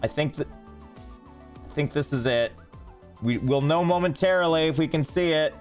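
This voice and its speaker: A man with a fairly high voice and moderate pace streams a game, faint game music in the background. In casual live-stream chat, he mocks himself while battling technical trouble.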